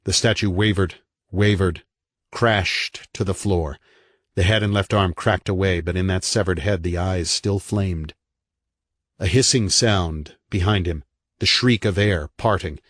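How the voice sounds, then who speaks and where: A man with a very low voice narrates a horror audiobook in a dramatic, measured way. The recording is dry and close. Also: fairly bright tone, dry recording.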